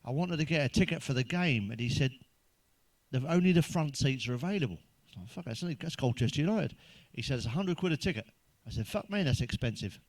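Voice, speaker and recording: A man's voice: medium pitch, expressive, fast, no echo. A man telling crude stand-up jokes, swearing constantly and laughing at his own punchlines. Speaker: stand-up comedian.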